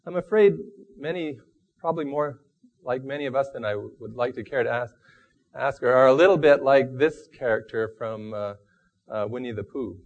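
Man, preacher, sermon, halting and thoughtful, self-deprecating, muffled lo-fi recording. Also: medium pitch. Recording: dull lo-fi recording.

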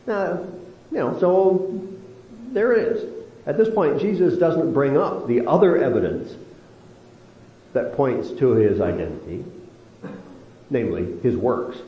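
A man leads a Bible study, his pitch rising and falling in a lively, animated way. He talks slowly and deliberately, drawing out key phrases. The sound is roomy and a little dull, with faint hiss behind him. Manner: lively, animated delivery with slow emphatic stretches. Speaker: Bible teacher.

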